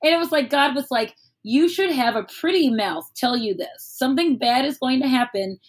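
A woman's voice: high voice, normal speed, husky. A woman telling a personal story in casual speech, candid and wry, swearing and acting out what people said.

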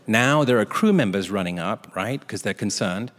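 A man's voice: on the low side, normal speed, long reverb tail. A man telling a comic anecdote as a talk show guest, acting out the other people in it. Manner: animated storyteller doing voices of others.

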